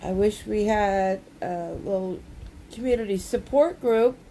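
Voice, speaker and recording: A woman talks slowly and chats casually as she works on a craft project. Her voice is mellow and fairly high, and she rambles in a folksy, joke-telling way. A faint hum sits behind her. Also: low-quality recording. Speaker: crafting vlogger. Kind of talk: casual chat while crafting.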